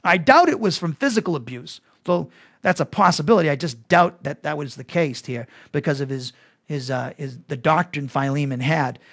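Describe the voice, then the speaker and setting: A man's voice: fairly high pitch, expressive, moderate pace, gravelly, fairly bright tone. A man teaching a Bible lesson as pastor, talking conversationally with restarts and asides to his listeners.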